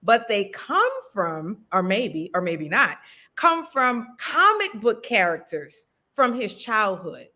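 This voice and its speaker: A woman's voice: mid-range voice, sing-song, slow, bright, forceful tone. A woman, a writer and actor, chatting casually as an interview guest with frequent ums. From New Orleans.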